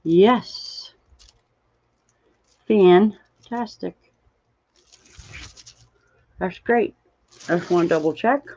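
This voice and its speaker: A low, darkish-toned female voice comes from a tired livestream host who crafts and yawns as she rambles slowly. She greets viewers and reads chat aloud, and the stream audio is dull and lo-fi.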